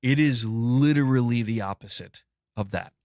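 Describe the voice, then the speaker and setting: A man's voice: mid-range voice, moderate pace, a little mellow, dry recording, clean studio sound. A man ranting emphatically in video commentary, repeating himself in exasperation. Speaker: commentator in a played clip.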